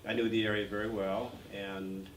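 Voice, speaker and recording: A man's voice: lowish voice, little pitch movement, moderate pace. Rambling older man telling stories. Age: 60s. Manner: rambling, many "uh" fillers. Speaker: actor guest. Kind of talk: anecdotal interview storytelling. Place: art gallery event. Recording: roomy, distant mic, faint noise.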